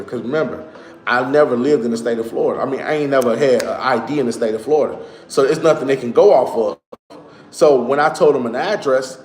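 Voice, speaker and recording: Conversational man in an echoey room. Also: mid-range voice. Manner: conversational, repeats points, addresses viewers directly. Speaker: online commentator. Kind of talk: casual explanatory monologue.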